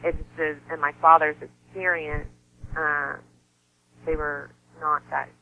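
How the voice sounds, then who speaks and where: A woman guest speaking in a soft, heartfelt way in a conversational interview, with sighs and small laughs. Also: deep voice, level tone, unhurried, gravelly. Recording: slightly dull sound with faint noise.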